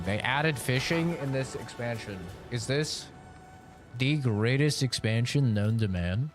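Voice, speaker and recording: A man's voice: medium pitch, expressive, a little slow. A young man livestreaming a game, tossing out jokes and swearing casually. He reads tooltips aloud in a plain, mid-range voice, with faint music under the game. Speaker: game streamer. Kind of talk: casual gaming commentary.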